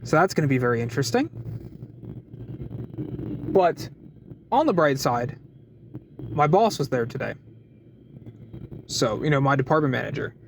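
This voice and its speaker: A man telling a work story in a casual, animated vlog, with many restarts and short laughs. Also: mid-range voice, normal speed, creaky, long pauses, a little hiss or hum, rough recording. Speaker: deli worker venting in a vlog. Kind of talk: casual chat.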